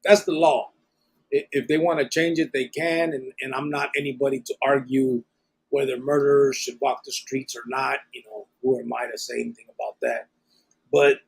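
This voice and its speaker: Husky plainspoken man hosting a podcast. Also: mid-range voice. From Arizona. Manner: plainspoken, slangy, drops Spanish words. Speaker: podcast host. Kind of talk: casual live podcast chat, reading viewer comments.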